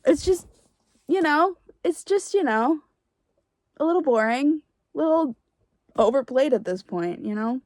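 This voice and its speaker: A woman's voice: sits high, lively intonation, unhurried, long pauses, a little mellow, no echo. A young woman reacting to a book in a casual reading vlog, gushing and exasperated by turns. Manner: gushing, exasperated, laughs and rants. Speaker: book vlogger.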